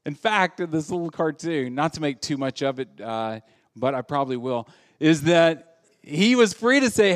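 Southern male pastor, middle-aged, preaching a comic sermon, lively delivery with acted-out voices, slightly high pitch. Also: moderate pace. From American South. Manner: animated, jokey, acts out quoted voices. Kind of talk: humorous sermon.

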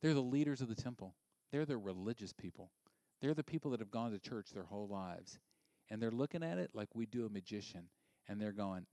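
A male pastor preaching a sermon. He is animated and sometimes drops to a hushed near-whisper for emphasis. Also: fairly low pitch, no room sound.

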